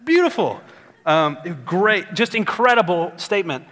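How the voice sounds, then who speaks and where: A man's voice: high-pitched, big pitch swings, a little slow, fairly bright tone. A man preaching a sermon as pastor, earnest and building to emphatic exhortation.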